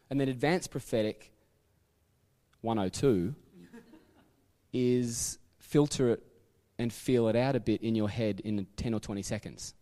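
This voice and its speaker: An Australian male pastor preaching in a church, his mid-pitched voice ringing with long reverb from the sanctuary. He tells stories in a chatty, rambling way, breaking off into asides and correcting himself as he goes. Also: warm tone. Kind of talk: sermon.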